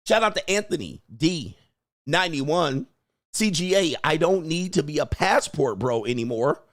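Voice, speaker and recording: A man hosting a livestream, reacting in casual commentary with drawn-out exclamations and chuckles. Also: a little high, no echo, studio quality. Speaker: livestream host.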